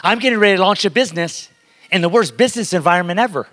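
This time the guest preacher speaks very fast in a high-pitched, fairly bright voice, emphatically addressing the congregation directly. The church sanctuary produces the long reverb of a big hall.

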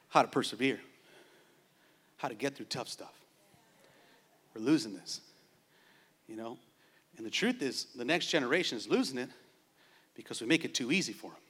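A man pastor delivering a sermon, moving between playful asides and loud, shouting exhortation. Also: medium pitch, husky.

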